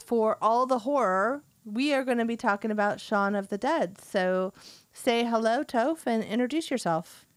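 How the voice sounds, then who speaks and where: A woman in her thirties co-hosting a podcast, bubbly and self-mocking with quick laughs. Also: fairly high pitch, dry recording. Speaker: podcast co-host. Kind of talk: casual chat.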